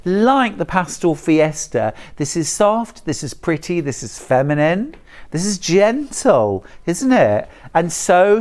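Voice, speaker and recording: A presenter on a live shopping channel, speaking slowly and deliberately while gushing over every item. The delivery is chatty and enthusiastic, full of asides, in a mid-range voice. It comes from a TV studio. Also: mid-range voice.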